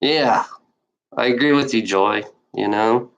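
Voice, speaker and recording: A woman's voice: slow pace, highs cut off. A woman vlogging in a casual, unscripted rant, rambling and swearing with many restarts. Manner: emphatic, pitch swinging widely.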